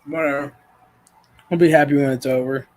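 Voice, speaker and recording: A woman hosting a casual chat stream, telling stories in a profane, animated way with lots of quoted dialogue. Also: low voice, brisk. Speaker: streamer host.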